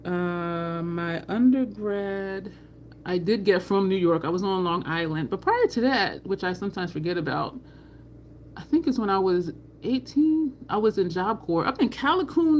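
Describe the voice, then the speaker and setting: In her makeup channel's livestream, this middle-aged New Jersey woman chats casually, bluntly and with plenty of profanity in her local accent. Her mid-range voice has lively intonation and a slightly mellow quality at a normal speed, over faint background noise.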